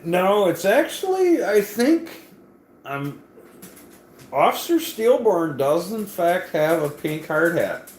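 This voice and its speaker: A man's voice: sits high, sing-song, slow pace, roomy sound, slight background noise. A man vlogging in casual chat, rambling and joking with crude language.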